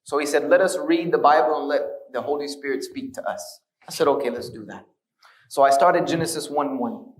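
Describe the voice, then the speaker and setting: A man's voice: fairly high pitch, fairly quick, few pauses, recorded from a distance. Man lecturing in an echoey hall. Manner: storytelling, earnest with wry humor. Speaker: speaker giving a lecture on his conversion. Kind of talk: conversational lecture.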